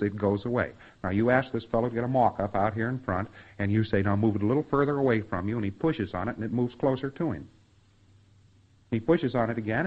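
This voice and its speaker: A man giving a spoken lecture to trainees in a folksy way, acting out bits of quoted dialogue and sound effects. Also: fairly low pitch. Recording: dull, muffled lo-fi recording.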